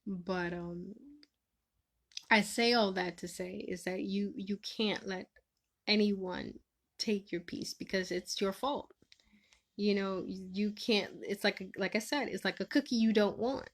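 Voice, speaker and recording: Woman, live-stream host, casual chat, teasing, laughs a lot, loud-to-soft swings. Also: mid-range voice, fairly even intonation, unhurried.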